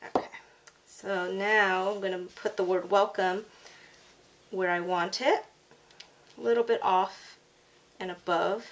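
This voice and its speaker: A woman's voice: medium pitch, fairly even intonation, slow pace, long pauses, a little hiss or hum. A woman casually narrating a card-making tutorial at her craft table, chatty and apologetic, with plenty of ums.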